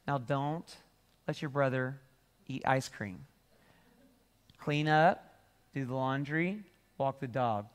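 A middle-aged man preaching a sermon, telling lively jokey stories and acting out asides. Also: mid-range voice, clear, resonant tone. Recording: reverberant hall.

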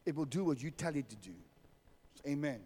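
A South African pastor preaching in a high, lively voice that swings widely in pitch. He speaks to his congregation directly and forcefully, and the sound carries a long hall reverb. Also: fairly quick, breathy edge. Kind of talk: sermon. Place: church hall.

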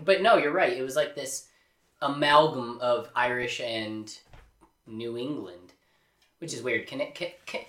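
Rambling bright-voiced man, echoey room. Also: mid-range voice, normal speed. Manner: rambling, self-interrupting, swinging from animated to mumbled asides. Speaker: podcast host. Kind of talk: casual movie podcast chat.

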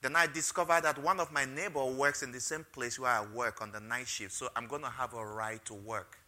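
A man preaching a sermon, telling a personal testimony with emotion and stressing key phrases loudly. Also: medium pitch, fairly even intonation, brisk. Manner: emotional storytelling, rising loud on key phrases. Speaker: pastor.

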